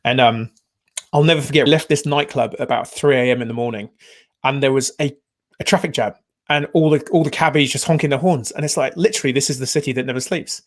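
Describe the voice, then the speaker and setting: A man hosting a casual podcast conversation, telling stories in an animated, rambling way and often restarting his sentences. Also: mid-range voice, fast. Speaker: podcast host.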